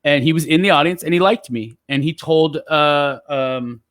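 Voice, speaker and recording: A man telling stories in relaxed, casual chat as a guest poet, with lots of fillers. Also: fairly high pitch, normal speed, no room sound, studio quality. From San Jose area. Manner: relaxed, chatty storyteller with many fillers.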